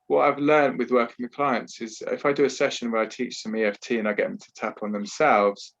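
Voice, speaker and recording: A man's voice: mid-range voice, little pitch movement, a little fast, gravelly, fairly bright tone, dull audio. A man working as a trauma therapist and talking earnestly in a podcast interview over a video call, explaining at length with frequent restarts. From Britain.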